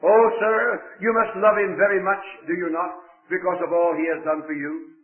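A man's voice: high voice, fairly even intonation, moderate pace. A man voicing a frank, earnest young gypsy girl who pleads with emotion. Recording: echoey, phone-like lo-fi recording.

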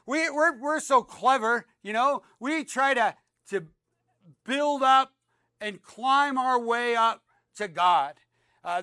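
A man with a high, smooth and resonant voice preaches a sermon with great dynamics. He swings from loud, emphatic repeated phrases down to soft, low asides. The recording is dry and close. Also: no echo. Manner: reads scripture aloud, repeats words for emphasis. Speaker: pastor.

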